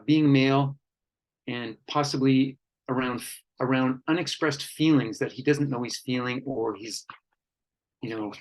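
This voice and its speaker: A man speaking at a workshop on men and conflict, earnest and reflective, with pauses and fillers. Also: mid-range voice, low-quality recording.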